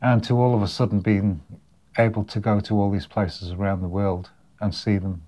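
A man's voice: on the low side, little pitch movement, moderate pace, dark tone. An older man with a Liverpool accent looks back on his years as a working musician. His talk is chatty and rambling, with repeated words and frequent chuckles, in an interview. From Liverpool, England. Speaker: guest musician. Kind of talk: casual interview storytelling.

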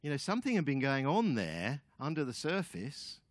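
A man as guest speaker giving a sermon, telling the story in an animated way with chatty asides to the audience. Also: medium pitch, moderate pace, no echo.

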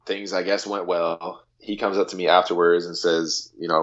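A man in his thirties from the United States, a guest on an interview show, telling a story in a casual, lively way and acting out quotes. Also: low voice, normal speed, few pauses, dull audio. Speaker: guest, handball athlete.

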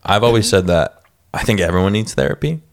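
A man's voice: fairly low pitch, expressive, fast talker. A man in his twenties in casual podcast chat, laid-back, swearing casually and laughing often.

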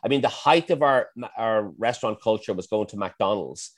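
A man's voice: lowish voice, animated, moderate pace. A middle-aged man, a chef, talking casually and self-effacingly in an interview, often restarting his sentences. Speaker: chef and guest.

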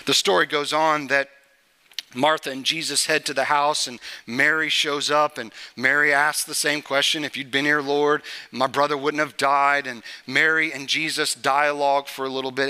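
A male pastor giving a conversational sermon in a church service, often checking in with the congregation with a quick "right?". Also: mid-range voice, fairly even intonation, sharp tone, clear, resonant tone.

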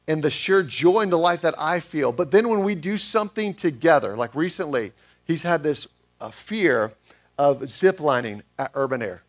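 Conversational male pastor preaching. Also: fairly high pitch. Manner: conversational, asks the congregation questions. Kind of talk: sermon.

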